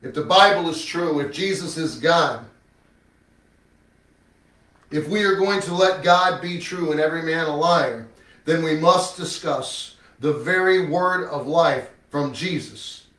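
A man preaching a sermon and reading scripture, with emphatic rhetorical questions, swinging between loud and hushed. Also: on the high side, unhurried. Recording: echoey room, mic at a distance.

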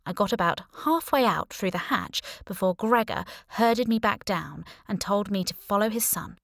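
A woman narrating a first-person audiobook with wry, deadpan humor and hushed asides. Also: medium pitch, normal speed, vocal fry, no room sound, clean studio sound.

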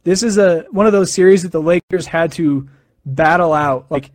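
A man's voice: fairly high pitch, moderate pace, no echo. A young man from the United States talking casually and rambling to a live audience, with fillers and self-corrections. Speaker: live stream host. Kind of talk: casual sports chat.

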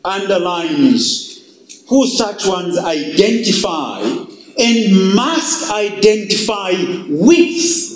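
A man's voice: high voice, reverberant, rough recording. A male pastor preaching emphatically and reading scripture in a sermon.

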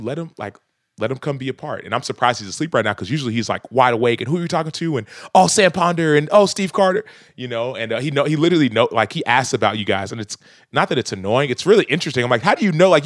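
A man's voice: mid-range voice, a bit bright, no room sound. Guy in his 30s on a podcast, earnest and thoughtful, laughs a lot, dry close sound. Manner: earnest, reflective, laughs often. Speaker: podcast guest. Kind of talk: casual podcast conversation.

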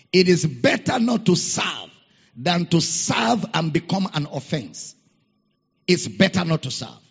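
A man's voice: high-pitched, gravelly, husky. A man preaching a sermon as pastor, repeating his key phrases and calling for amens from the congregation. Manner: repeats key phrases, rousing call-and-response. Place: church auditorium. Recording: muffled echoey church hall.

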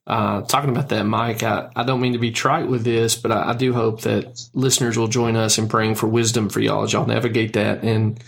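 A man hosting a podcast, telling stories in a lively way and laughing often. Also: fairly low pitch, brisk, gravelly, hardly any pauses, a little hiss or hum. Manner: warm, laughs often, animated storytelling. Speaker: podcast host. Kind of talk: casual chat.

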